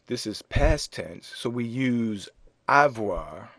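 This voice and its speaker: Slow, deliberate male French teacher. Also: mid-range voice, lively intonation, fairly bright tone, no room sound. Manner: slow, deliberate, spells out words letter by letter. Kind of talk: slow classroom explanation.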